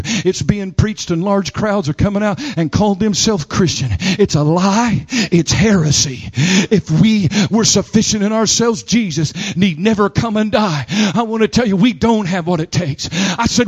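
A man preaching a sermon, moving from slow, low passages to loud, shouted climaxes and calling on the congregation to answer him. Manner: calls on the congregation to repeat and respond. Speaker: pastor.

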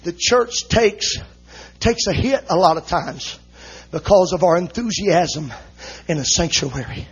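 Man, very high voice, husky, fervent preacher, shouts rhythmic lines, punctuates with "uh, amen", emotional sermon. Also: measured pace. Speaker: visiting preacher.

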